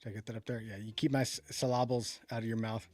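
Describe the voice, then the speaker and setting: A man's voice: fairly low pitch, level tone, fast talker, soft background music. Rambling casual man talking tech. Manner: rambling, self-correcting, reads chat comments aloud. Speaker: podcast co-host. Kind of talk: casual livestream tech chat.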